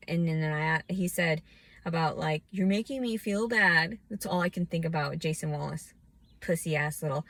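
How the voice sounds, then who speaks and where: A woman vlogging a scattered, profane rant that swings from low muttering into shouting. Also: dry recording. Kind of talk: ranting personal monologue.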